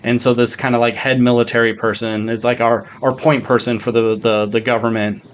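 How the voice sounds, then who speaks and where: A man co-hosting a podcast speaks briskly in a mid-range voice with little pitch movement. His casual chat rambles, heavy on "like" and full of swearing.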